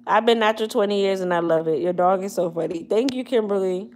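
A woman with a medium-pitched voice talks quickly while hosting a casual hair care livestream, with slight background noise behind her. Chatty and comedic, she jokes, uses slang, and speaks straight to her viewers.

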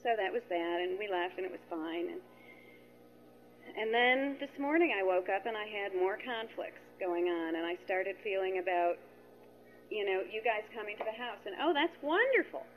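A middle-aged woman pours out her story in an emotional rush, jumping from one aside to the next. Her voice sits at a middle pitch. The recording is dull and lo-fi. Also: moderate pace, soft background music. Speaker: participant sharing at a spiritual retreat. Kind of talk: personal sharing, retelling conversations.

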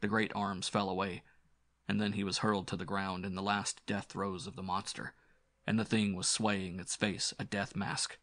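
A male narrator reading pulp horror aloud, building dread with dramatic intensity. His voice sits low and full. The recording is close and dry, with no room sound. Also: flat delivery, normal speed, a bit bright, no room sound. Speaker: audiobook narrator.

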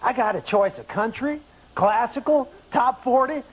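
A man's voice: extremely high pitch, normal speed, low-quality recording. A man doing a sleazy partying president. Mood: boastful. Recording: loud disco music behind.

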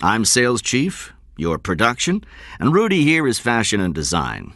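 A man doing a pushy businessman who hammers his point home, pitched well above the reader's low voice. The voice swings widely in pitch, and the sound is dry and close. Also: wildly swooping pitch, normal speed, a bit bright, no room sound, exaggerated voice. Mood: insistent. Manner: insistent, persuasive. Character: pushy male sales chief, thin and quick.

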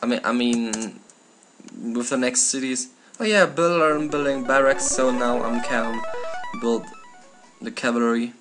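A man's voice: mid-range voice, measured pace. German-accented man, gameplay commentary, frequent swearing, faint game music behind, keyboard typing. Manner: swears often, talks to the game in frustrated outbursts. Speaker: gamer.

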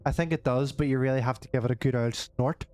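A man's voice: medium pitch, steady tone, fast, dark tone. A man co-hosting a gaming video, trading crude jokes and laughing often as they play. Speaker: gaming channel co-host. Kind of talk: casual let's-play banter.

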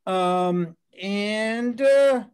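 A man hosting a comedy show, wrapping up the night with loose, halting announcements from the stage. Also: sits high, smooth. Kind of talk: closing announcements.

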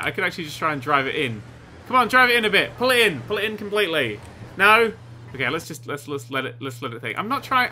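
Man, young, game commentary, excitable, very bright voice, lively pitch. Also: a little hiss or hum. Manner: excitable, giggly, sarcastic asides. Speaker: gaming YouTuber. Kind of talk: let's play commentary.

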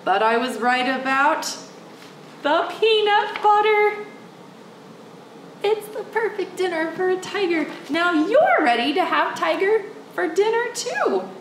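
A woman's voice: fairly high pitch, reverberant, recorded from a distance, slight background noise, rough recording. A woman working as a children's librarian, reading a picture book aloud and coaxing young children to join in. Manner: animated, coaxing, speaks directly to the kids.

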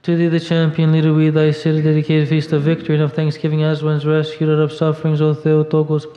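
Guy reading church hymns real flat, slightly high voice, dull echoey church audio. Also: fast talker. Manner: steady monotone recitation with small slips. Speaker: reader at a monastery service. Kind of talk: liturgical reading of a hymn.

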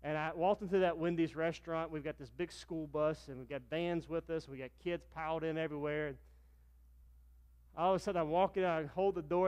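Telling stories from the pulpit, a middle-aged Virginia pastor acts out their dialogue in a raised voice during his sermon. He speaks with a fairly high pitch, a little mellow, in a clean tone.

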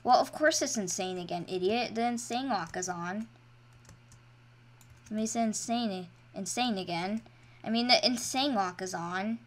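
A woman hosts her own gaming video in a loose, chatty way. Her voice sits at a plain middle pitch. She mumbles to herself, then bursts into loud, high-pitched yells. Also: a little slow. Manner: excitable, swings from mumbling to loud shrieks. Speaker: gaming channel host. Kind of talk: casual gameplay commentary.

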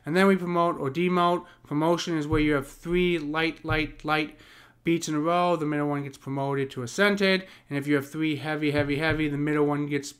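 A man teaching poetic meter in an unscripted explainer, pausing with many ums and restarts as he works through ideas. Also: fairly high pitch, steady tone, fairly bright tone, smooth. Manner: taps out rhythms aloud as da-dum. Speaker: poetry teacher.

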